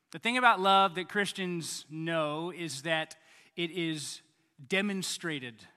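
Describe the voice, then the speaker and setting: A man's voice: on the high side, pushed and bright. Chatty man preaching in a big hall. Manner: conversational and joking, acting out little scenarios. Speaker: pastor. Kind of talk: sermon. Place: church hall.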